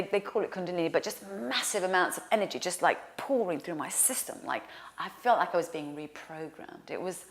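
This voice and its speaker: A woman telling a personal story in an animated way, dropping to a hushed whisper for quoted lines. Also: on the low side. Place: lives in New York.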